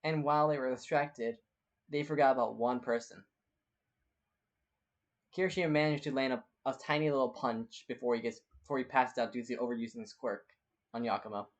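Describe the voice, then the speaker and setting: A man narrating a fan-made fight scene in a chatty, casual way. His pitch sits in the ordinary middle range, and he restarts phrases as he goes. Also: fairly even intonation, brisk, lo-fi sound. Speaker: co-storyteller. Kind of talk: casual collaborative storytelling.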